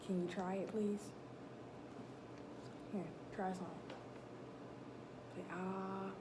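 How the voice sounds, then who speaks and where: A woman in her twenties talks to her followers in a chatty vlog, recorded on a phone. Her voice sits at an ordinary middle pitch. Heavy background noise runs under everything she says. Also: level tone, drawn-out words. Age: 20s. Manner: chatty, speaks straight to viewers. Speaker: vlogger. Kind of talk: casual vlog talk to camera. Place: restaurant and hotel, in and out of doors. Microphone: phone camera.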